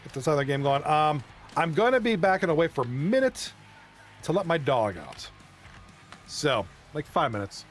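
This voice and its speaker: Excitable rambling male streamer. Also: on the high side, moderate pace, soft background music. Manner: rambling, excitable, chats with viewers. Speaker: live streamer and league commentator. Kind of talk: casual live-stream chat.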